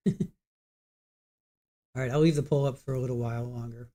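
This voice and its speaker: Mellow-voiced man chatting on a livestream. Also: medium pitch, fairly even intonation, normal speed. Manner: chatty, talks to viewers in chat, trails off and restarts. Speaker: livestream host. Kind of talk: casual live-stream chat. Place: home setup at a computer.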